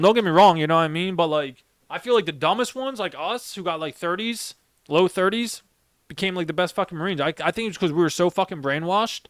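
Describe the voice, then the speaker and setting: Young man, podcast host, ex-Marine, heavy cursing, smooth and resonant tone, dry close sound. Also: fairly high pitch, fairly bright tone, no room sound. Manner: heavy swearing, rambling, emphatic. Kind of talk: casual storytelling chat.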